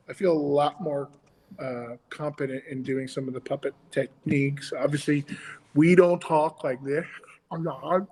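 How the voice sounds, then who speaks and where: A man's voice: a little high, big-room sound, low-quality recording. A man co-hosting a casual chat about children's ministry puppetry, talking in a rambling way with many restarts.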